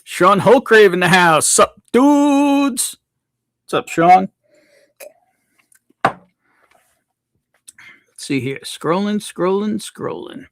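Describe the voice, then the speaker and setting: A man's voice: sits high, takes it slowly, long pauses, a bit bright. A man hosting a casual livestream, reading out viewers' names from the chat and greeting them one by one. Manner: reads chat names aloud, laid-back. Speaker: livestream host.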